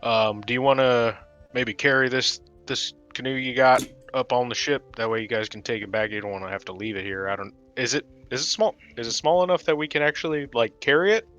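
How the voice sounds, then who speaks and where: A man's voice: medium pitch, fairly quick, a bit bright. Casual male tabletop player on a dull lo-fi recording with faint music. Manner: casual, questioning. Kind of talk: tabletop game chat.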